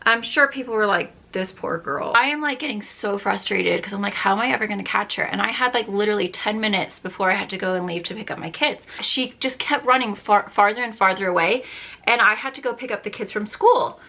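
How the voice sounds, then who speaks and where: Bright, chatty young woman vlogger. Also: mid-range voice. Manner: chatty, exasperated, animated storytelling. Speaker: beauty vlogger. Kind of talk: casual storytelling while doing makeup.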